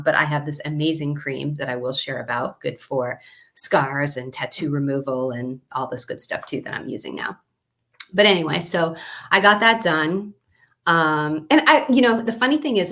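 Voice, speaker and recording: A woman's voice: low-pitched, a bit bright. A woman in her forties telling a personal story in a chatty, rambling way, with many fillers and tag questions. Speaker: wellness vlogger.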